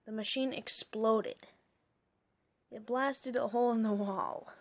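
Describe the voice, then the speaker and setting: A woman reads a children's storybook aloud at an unhurried pace, her voice high. She keeps stopping for chatty, amused asides. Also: steady tone. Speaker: reader.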